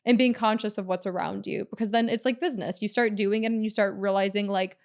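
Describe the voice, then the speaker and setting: A woman's voice: mid-range voice, fast talker. Female host, easygoing conversational interviewer, mid-range voice. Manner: relaxed, many "like" fillers. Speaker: podcast host. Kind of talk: casual interview chat.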